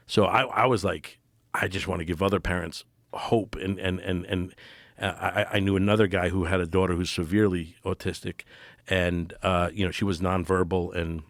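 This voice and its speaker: A man in his forties, a podcast guest telling a personal story in an earnest, halting way with many restarts. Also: low voice, steady tone, no room sound, studio quality.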